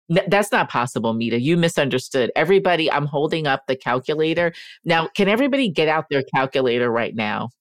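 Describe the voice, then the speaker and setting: A woman's voice: extremely low pitch, no echo, clean studio sound. A woman co-hosting a podcast in casual chat, playful and theatrical, speaking straight to the listeners. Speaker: podcast co-host.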